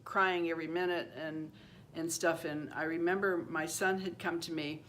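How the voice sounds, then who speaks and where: A woman's voice: steady tone, moderate pace, a bit bright, a little hiss or hum. A woman in her seventies telling a personal story in a casual, rambling way, restarting and repeating phrases and acting out the voices of the people she quotes. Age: 70s. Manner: acts out quoted voices, rising high for a child. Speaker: channel host.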